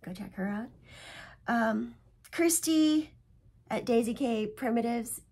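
A woman's voice: on the high side, takes it slowly, a little mellow, breathy edge. A middle-aged woman vlogging casually from home about cross-stitch, rambling and chatty, restarting and correcting herself often. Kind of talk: casual chat.

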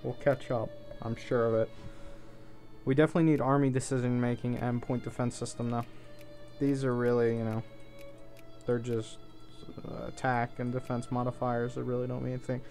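A man's voice: mid-range voice, little pitch movement, normal speed, darkish tone, faint music behind. A man giving casual gameplay commentary, thinking aloud in an offhand way and swearing now and then. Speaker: let's play host.

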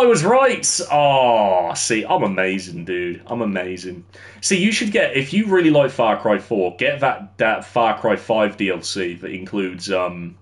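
A young man streaming a game, chatting with viewers while he builds and laughing easily. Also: on the low side. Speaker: livestreamer. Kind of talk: casual gameplay commentary.

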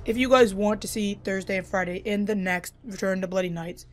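A young woman giving dramatic, panicky commentary while playing a horror game and talking to her viewers. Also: medium pitch. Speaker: gaming YouTuber.

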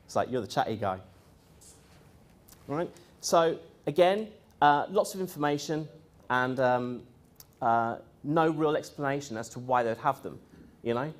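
A man's voice: a little high, unhurried. A man telling a long story in a casual, rambling way, full of fillers and acted-out quotes. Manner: rambling, lively, quotes others in voices, frequent fillers. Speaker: speaker recounting experiences.

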